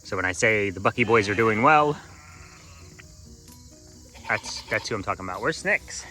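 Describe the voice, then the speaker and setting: A man's voice: lowish voice, expressive, normal speed, bright, forceful tone, soft background music. A man vlogging from his farm, chatting casually to viewers and playfully talking to his goats in baby talk. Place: outdoors on a farm.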